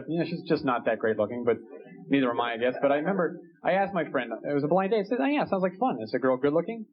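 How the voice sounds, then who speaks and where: A young man doing a stand-up comedy set on a club stage, animated, acting out stories. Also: mid-range voice. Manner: animated, acts out a fight story with rising shouts. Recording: dull lo-fi VHS tape with loud hiss. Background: audience laughter and crowd noise.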